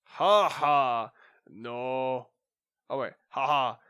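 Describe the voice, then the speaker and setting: A man's voice: medium pitch, drawn-out words, pushed and bright, clean tone. A man putting on a smug, mocking professor. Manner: taunting, theatrical.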